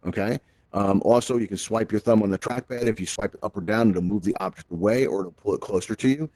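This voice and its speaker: Guy running a vr how-to session, talks quick, lowish voice, upbeat and jokey, dry sound. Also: a little mellow, no room sound. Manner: upbeat, jokey step-by-step explaining. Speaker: host and instructor. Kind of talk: live virtual-reality tutorial.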